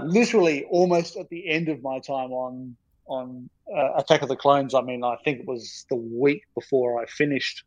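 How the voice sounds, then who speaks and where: A man's voice: medium pitch, no echo, rough recording. Podcast guest, man, self-deprecating raconteur, dry mic. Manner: rambling, self-deprecating storyteller. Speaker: podcast guest, storyboard artist. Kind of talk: casual anecdote telling.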